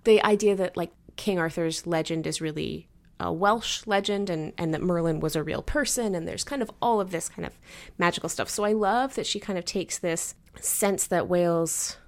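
A woman co-hosting a casual book discussion, chatty and animated, laughing often and filling her talk with "like". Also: fairly low pitch, normal speed. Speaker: book podcast co-host.

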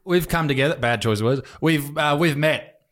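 A man's voice: a little high, normal speed, fairly bright tone. A young Australian man chatting casually as a podcast co-host, swearing freely and laughing as he tells family stories. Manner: crude, swearing storyteller, laughs often. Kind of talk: casual chat.

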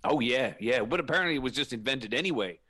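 A man voicing a fake Southern American preacher who rambles in a deadpan drawl, improvised for comedy. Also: mid-range voice, quick pace, breathy edge. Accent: Southern US, put on.

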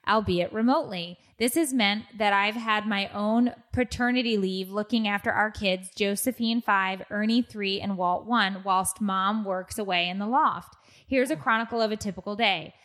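A woman host in casual chat, reading out a funny story with lively, laughing delivery. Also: mid-range voice, moderate pace. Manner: animated storyteller, laughs often.

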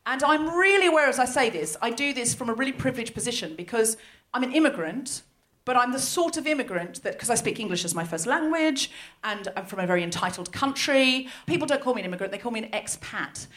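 Australian woman, around 40, stand-up storyteller on a stage mic, slightly high-pitched, animated, acts out the people in her story. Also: a little hiss or hum. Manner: animated storytelling, acting out the people she quotes. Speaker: comedian and host. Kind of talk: stand-up comedy set. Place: live venue before an audience.

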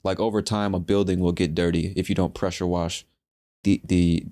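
A young man hosting a casual solo podcast, talking in a profane, animated, slangy way. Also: deep voice, moderate pace. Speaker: podcast host.

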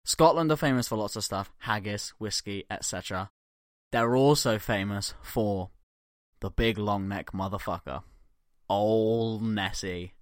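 A man's voice: on the low side, measured pace, dry recording, studio quality. Swearing, jokey man on a podcast. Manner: profane, jokey, laughs often. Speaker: podcast co-host. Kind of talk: casual podcast banter.

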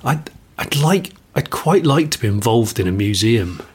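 A man's voice: medium pitch, lively intonation, moderate pace, breathy edge. A middle-aged man from England co-hosting a podcast, talking enthusiastically in rambling casual chat. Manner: rambling, enthusiastic, many restarts. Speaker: podcast co-host.

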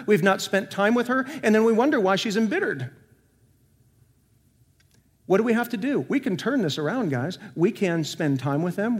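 Higher-voiced male pastor, earnest sermon delivery, reverberant church sound. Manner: earnest preaching with rhetorical questions, swinging between emphatic and soft. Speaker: senior pastor. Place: church sanctuary. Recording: long hall reverb.

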